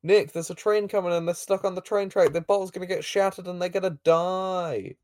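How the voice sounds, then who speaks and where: A man co-hosts a casual podcast, recapping an episode by retelling the show's plot with laughs, filler words and swearing. His voice is high and darkish with fairly even intonation, and he talks fairly quickly; the studio-quality recording has no echo.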